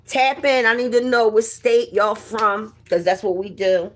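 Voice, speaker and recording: Husky chatty woman livestreaming. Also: a little high, measured pace, few pauses. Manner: chatty and profane, greets viewers by name. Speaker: livestream host. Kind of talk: casual livestream chat.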